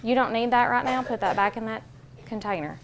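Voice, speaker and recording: A woman teacher leading a phonics lesson, giving clear, patient directions and drawing out sounds slowly. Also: fairly high pitch. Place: classroom.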